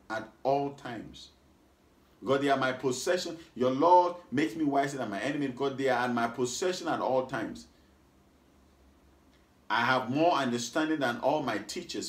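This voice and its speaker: A man's voice: medium pitch, roomy sound. A man preaching a sermon, reading scripture aloud and repeating key lines, prompting listeners with questions like "what?". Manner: rhythmic, repeats lines, asks the congregation what. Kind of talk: sermon with call and response.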